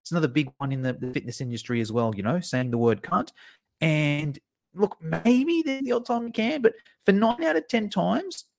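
A man with a slightly higher voice talks as a podcast guest. He tells stories in a relaxed, chatty way. He jumps into the voices of the people in his anecdotes with bursts of energy. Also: normal speed, gravelly. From Australia. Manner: animated, acts out quoted people in his stories. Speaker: podcast guest, fitness educator. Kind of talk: casual storytelling interview.

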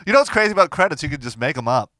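A man co-hosting a comedy podcast in casual chat, teasing with deadpan jokes. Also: a little high, rapid-fire, no echo, clean studio sound.

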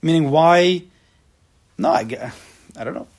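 A man's voice: fairly high pitch, a little slow. A man teaching an informal religious class, talking straight to his listeners and acting out the people in his stories. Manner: lively, acts out quotes, talks to the class.

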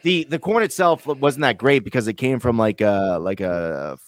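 A man's voice: medium pitch, expressive, normal speed. Teasing, sweary man. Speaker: co-host. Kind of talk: casual chat.

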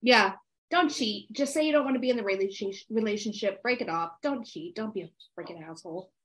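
A woman co-hosting a podcast, telling stories in a lively, profane, casual chat. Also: mid-range voice, fast talker. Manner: animated, profane storytelling. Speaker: podcast co-host.

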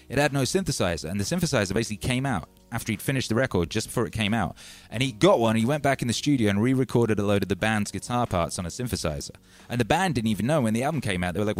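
A man, chatting loosely as a livestream DJ host and reading out viewer messages. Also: fairly low pitch. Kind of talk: casual livestream chat. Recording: music playing faintly behind.

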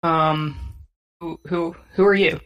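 Hesitant, bright-voiced player. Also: medium pitch, fairly even intonation, slow pace, muffled recording. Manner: hesitant, questioning. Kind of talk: tabletop role-play.

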